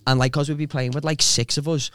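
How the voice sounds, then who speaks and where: A man chatting casually, blunt and quick to swear. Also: a little high, flat delivery, clean tone, no echo. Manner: blunt, swears freely, reacts loudly. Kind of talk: casual chat.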